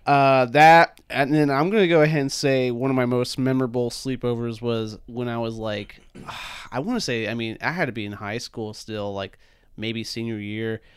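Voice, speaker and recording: A young man co-hosting a podcast, spinning loose, profane anecdotes packed with "dude" and "man". His voice is smooth and clear, at a middling pitch. The sound is dry and close, with no room echo. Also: steady tone, normal speed. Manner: rambling, swears a lot, heavy fillers like "dude" and "man". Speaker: podcast co-host. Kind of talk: casual chat, storytelling.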